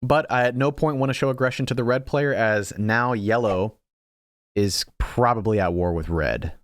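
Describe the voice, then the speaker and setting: A man's voice: mid-range voice, normal speed, no echo. A young man commentating his own strategy game casually, thinking aloud and teasing himself about his misplays. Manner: thinks aloud, self-mocking, frequent restarts. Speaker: gaming channel host.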